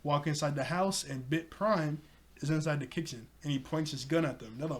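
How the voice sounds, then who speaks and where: A man with a slightly raised voice talks through a cartoon episode he just watched. He rambles excitedly and stacks up fillers as he retells scene after scene in a loose, casual recap. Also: fairly high pitch, brisk. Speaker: TV episode reviewer.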